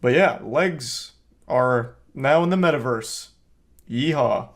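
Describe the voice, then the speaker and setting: A man giving casual comedic commentary, joking in a deadpan, mock-serious way. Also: mid-range voice, takes it slowly. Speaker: online commentator.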